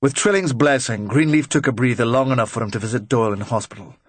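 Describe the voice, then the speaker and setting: A man narrating a crime audiobook in a measured, even storytelling manner on a close studio mic. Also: medium pitch, breathy edge, dry recording. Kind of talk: scripted narration.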